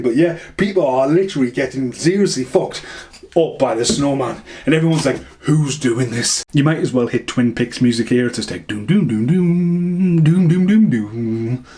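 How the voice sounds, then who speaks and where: A man's voice: medium pitch, a little mellow. A man giving a casual, rambling film review, swearing freely and laughing at his own jokes. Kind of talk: casual movie review rant.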